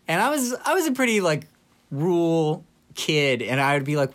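A young man on a podcast, casually telling dark childhood stories with laughter and quoting people in put-on voices. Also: on the high side, lively intonation, moderate pace. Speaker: podcast co-host. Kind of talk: casual storytelling chat.

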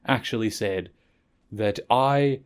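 Male podcast host, casual recap, slightly low voice, rambling and chatty. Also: slow, smooth. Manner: rambling, conversational, with self-corrections.

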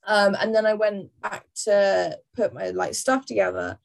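A woman's voice: medium pitch, steady tone, measured pace, gravelly. A woman in her twenties, a podcast guest chatting bluntly with grumpy, sweary humour. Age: 20s. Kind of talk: casual chat.

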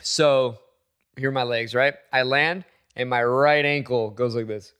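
Animated young man telling a story. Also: mid-range voice, a little slow, clean tone. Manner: animated, laughing, swearing, acts out quotes. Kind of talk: casual chat, storytelling.

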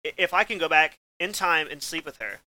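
A young man co-hosting a comedy podcast, animated and profane, acting out stories in casual banter. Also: fairly high pitch, brisk. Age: young adult. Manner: animated, swearing, acts out stories. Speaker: podcast co-host.

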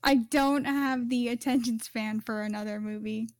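A woman co-hosting a podcast in casual chat, with dry, deadpan teasing. Her voice sits a little high. It is close-miked in a dry room. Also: moderate pace, dry recording. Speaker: podcast co-host.

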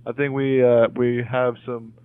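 A man's voice: mid-range voice, little pitch movement, unhurried, clean tone, no echo. A man co-hosting a podcast, chatting casually and rambling with lots of fillers and the odd swear. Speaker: podcast co-host. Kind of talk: casual chat. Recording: tinny phone-like call audio.

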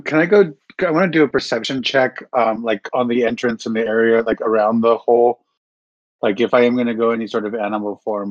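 A man's voice: medium pitch, no room sound. Hesitant man on a dull dry mic. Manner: hesitant, searching for words. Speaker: player. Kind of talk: casual tabletop game chat.

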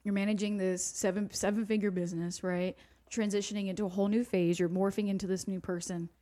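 A woman podcast host talking in a loose, everyday way with her guest. Her pitch is middling, and she tosses out swear words without a second thought. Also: level tone, quick pace, mellow. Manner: casual, swears freely. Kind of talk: casual interview chat.

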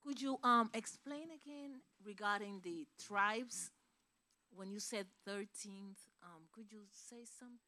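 A woman's voice: medium pitch, measured pace, sharp tone. A woman in a Bible class asking the teacher a question, politely and hesitantly. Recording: far from the mic.

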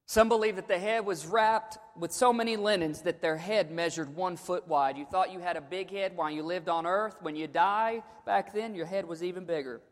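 A man preaching an Easter sermon in a church, swinging between quiet storytelling with joking asides and dramatic shouted build-ups. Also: high-pitched, normal speed, few pauses, long reverb tail. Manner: humorous asides. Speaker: pastor.

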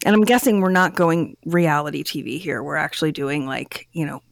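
A woman co-hosts a relaxed chat with a gravelly, slightly low voice. She talks in a chatty way and often fills her speech with "like". The recording is dry and close. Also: fairly quick, no room sound. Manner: chatty, with frequent "like" fillers. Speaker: podcast co-host. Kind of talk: casual chat.

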